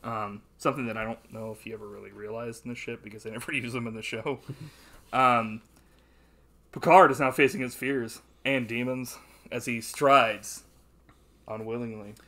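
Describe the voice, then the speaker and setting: A man chatting on a podcast in a bright, forward voice, casual and profane. He keeps laughing and breaks into loud, over-the-top quoted voices. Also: mid-range voice, steady tone, moderate pace. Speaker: podcast co-host. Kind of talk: casual movie chat.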